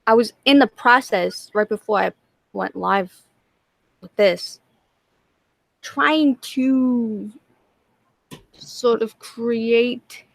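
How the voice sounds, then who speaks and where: A woman's voice: fairly high pitch, gravelly, no room sound. A woman in her thirties co-hosting a late-night livestream chat, teasing and swearing freely. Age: 30s. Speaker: co-host.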